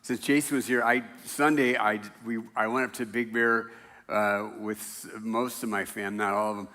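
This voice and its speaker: Older male pastor, bright voice, chatty storyteller who laughs at his own jokes; church hall echo. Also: fairly low pitch, fairly even intonation, normal speed. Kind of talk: casual conversational sermon. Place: church sanctuary.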